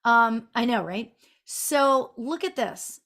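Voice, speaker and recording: A middle-aged woman working as a spiritual medium, chatting casually through a live online reading, sing-songy and quick to laugh, with lots of fillers. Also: a little high, animated, fairly bright tone.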